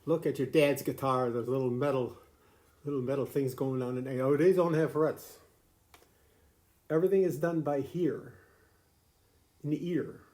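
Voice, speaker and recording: A man's voice: mid-range voice, steady tone, normal speed, pauses often, a little mellow. An older grandfather explaining the fiddle to a grandchild in a folksy, rambling way, full of restarts and chuckles. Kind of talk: casual home video lesson.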